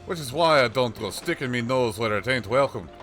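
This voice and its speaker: A man's voice: mid-range voice, animated, a little fast, fairly bright tone, soft background music, close to an everyday voice. A man voicing a chatty old male peddler with a put-on rustic accent and a folksy, rambling way of talking. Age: older. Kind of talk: reading game dialogue aloud on a livestream.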